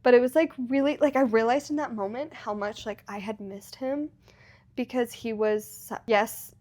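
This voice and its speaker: A young woman co-hosting a podcast, telling a story in a casual, animated way with lots of fillers. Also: a little high, moderate pace. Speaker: podcast co-host. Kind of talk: casual chat.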